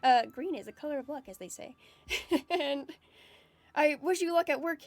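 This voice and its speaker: High-voiced, excitable woman streamer. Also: normal speed, dry recording. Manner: excitable, emotional and swearing freely. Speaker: VTuber streamer. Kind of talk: casual live-stream chat, reading viewer messages.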